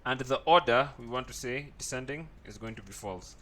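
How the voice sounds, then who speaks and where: A man's voice: medium pitch, fairly quick, bright, forceful tone. A man teaching a coding tutorial, thinking aloud as he types and often checking in with "right?". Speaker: programming tutor. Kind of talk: screen-recorded coding tutorial.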